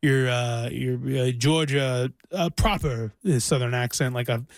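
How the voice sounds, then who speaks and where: A man's voice: mid-range voice, a little slow, dry recording, faint music behind. A man who grew up in the American South, co-hosting a radio chat show and reading off a list with playful asides. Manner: chatty, playful, trails off with fillers.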